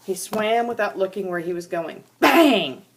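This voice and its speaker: An older woman, a grandmother, reading a children's animal storybook aloud to her grandchildren with an animated, sing-song manner. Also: mid-range voice, normal speed.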